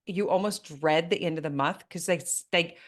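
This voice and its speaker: Woman business coach hosting a podcast chat, emphatic, talks right to listeners, lowish voice. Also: normal speed. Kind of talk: coaching interview conversation.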